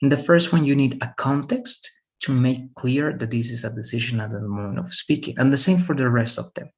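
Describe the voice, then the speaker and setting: Gravelly-voiced man teaching English. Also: mid-range voice, brisk, muffled recording. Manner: patient, explains step by step, repeats example sentences. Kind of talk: online one-on-one lesson.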